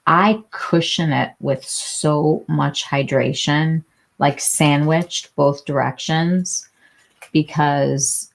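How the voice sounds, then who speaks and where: With a deep, gravelly voice, a woman hosts a casual beauty livestream. She reads viewer comments aloud and answers people by name, her speech peppered with fillers and restarts.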